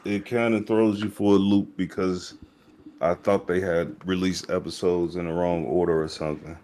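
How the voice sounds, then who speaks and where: Low-voiced joking male co-host. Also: little pitch movement, moderate pace, mellow, slight background noise. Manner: joking, teasing, slangy. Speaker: podcast co-host. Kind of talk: casual reaction chat.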